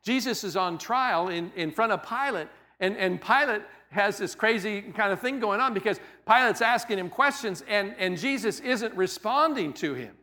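A man with a high, bright voice preaches a sermon conversationally. He stacks phrase on phrase and circles back to hammer each point home. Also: lively intonation, moderate pace, hardly any pauses. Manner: conversational preaching, stacked repetitions and emphatic restatements. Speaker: pastor.

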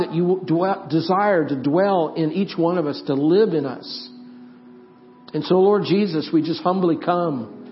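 A man preaching and then praying aloud, earnest, with halting restarts that grow louder as he prays. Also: high voice. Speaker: pastor. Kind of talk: sermon closing into prayer. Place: church sanctuary. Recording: dull lo-fi church recording, faint music.

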